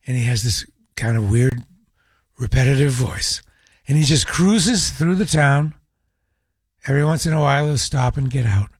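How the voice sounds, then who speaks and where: A man's voice: mid-range voice, normal speed, slightly rough, dry recording, studio quality. A man hosting a radio talk show, chatting in a wry, opinionated monologue.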